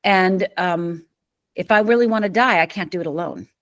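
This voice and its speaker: A middle-aged woman from Upper Michigan tells her story in a low-set, emphatic voice. She acts out the other people's lines as she goes. The recording is dry and close. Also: normal speed, a bit bright, no echo. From Upper Michigan, USA. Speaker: podcast guest. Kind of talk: storytelling in an interview.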